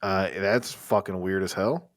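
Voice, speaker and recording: A man's voice: low-pitched, fairly even intonation, unhurried, dry recording, clean studio sound. A man co-hosting a gaming podcast in casual chat, rambling and swearing freely as he talks. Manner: rambling, profane, candid. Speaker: podcast co-host.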